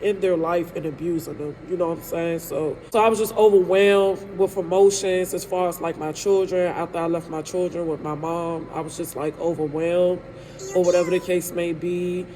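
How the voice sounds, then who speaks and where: A woman's voice: lowish voice, steady tone, normal speed, warm tone, a little hiss or hum. A woman in her thirties speaks straight to her viewers in an emotional storytime vlog. She talks candidly and loosely, with hurt in her voice, and keeps checking in with the audience. A faint room ambience sits behind her. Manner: candid, rambling, frequent "you know what I'm saying". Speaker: live streamer telling her own story.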